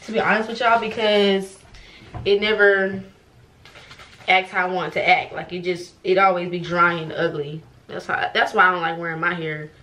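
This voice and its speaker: In this get-ready-with-me vlog, a young woman swears casually and pokes fun at herself while speaking frankly to her audience at home. Her lowish voice is steady, bright, and forceful at a moderate pace, with slight background noise.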